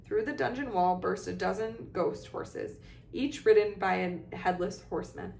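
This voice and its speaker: A woman's voice: mid-range voice, moderate pace, gravelly, darkish tone, reverberant, a little hiss or hum. A woman reading a storybook aloud as narrator in a plain storytelling manner. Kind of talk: audiobook reading.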